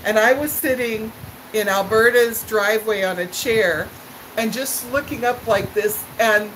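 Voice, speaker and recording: Chatting to live viewers, a middle-aged woman meanders slowly through stories with fillers and laughs, pausing to reply to their comments. Her pitch is fairly high and her tone fairly bright, captured on a rough recording with a little hiss or hum.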